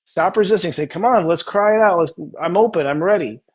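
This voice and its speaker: A man hosting a casual spiritual coaching chat, animated and acting out tender inner dialogues. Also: high-pitched, a little fast, husky. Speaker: astrologer host.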